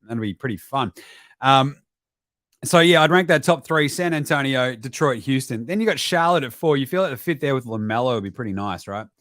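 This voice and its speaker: A man's voice: medium pitch, a little fast, no room sound. Sweary Australian man, dry close sound. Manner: sweary, animated, breaks into mocking put-on voices and sudden shouts. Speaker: basketball podcast host. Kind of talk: profane casual live-stream commentary.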